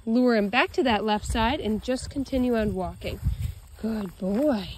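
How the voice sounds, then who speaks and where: A woman dog trainer explaining leash walking while praising her dog in a bright, high voice outdoors. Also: unhurried, noisy background. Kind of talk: narrating a leash-training demo.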